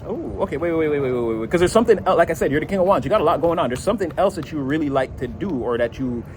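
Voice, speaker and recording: Male tarot reader, slightly high voice, loose chatty delivery with frequent laughs and casual cursing. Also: lively intonation, very fast, a little hiss or hum, poor audio.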